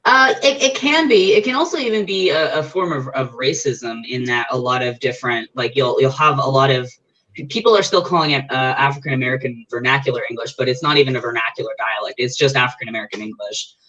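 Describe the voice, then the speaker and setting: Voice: medium pitch, lively intonation, fast talker, fairly bright tone, highs cut off. A guest in a casual interview chat, explaining ideas at length with frequent restarts.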